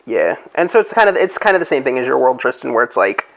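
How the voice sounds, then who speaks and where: Gravelly man rambling through game plans. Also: medium pitch, sing-song, fast, a bit bright, rough recording. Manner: rambling, thinks aloud with many fillers. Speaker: game master. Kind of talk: casual group chat.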